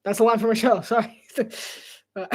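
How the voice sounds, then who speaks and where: Solo live football caller, male, light high voice, chatty and jokey, laughs a lot. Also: measured pace, a little mellow, husky. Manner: chatty, laughs often, self-deprecating asides. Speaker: solo sports commentator. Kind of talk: casual live play-by-play commentary.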